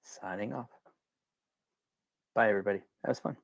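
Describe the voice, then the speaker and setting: A man's voice: lowish voice, moderate pace, creaky, no room sound. Chatty man hosting a webinar, dry sound. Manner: rambling, colloquial, repeats himself when worked up. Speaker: webinar host. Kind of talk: casual webinar talk.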